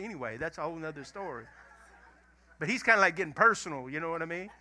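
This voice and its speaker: A middle-aged pastor, preaching a lively, emphatic sermon full of stories. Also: male voice, high voice. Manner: animated, emphatic storytelling preaching.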